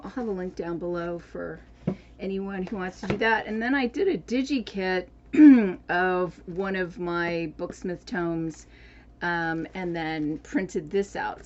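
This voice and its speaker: Woman vlogger, unhurried and rambling, slightly low voice, muffled lo-fi audio. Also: darkish tone, a little hiss or hum. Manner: chatty, rambling with many fillers and restarts. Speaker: book and journaling vlogger. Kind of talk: casual chat.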